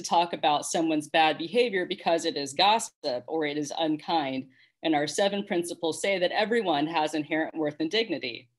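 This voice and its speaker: A woman leading worship, reflecting on a children's story in a calm, earnest, explanatory sermon. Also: deep voice, moderate pace. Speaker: worship leader.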